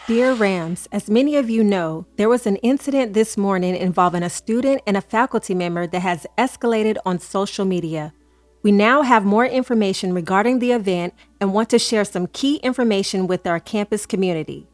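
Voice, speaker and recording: A woman's voice: mid-range voice, fairly quick, dry recording. Woman doing her commentary channel, chatty, dry close mic, faint music. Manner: conversational, reads statements aloud. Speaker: host. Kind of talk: casual commentary.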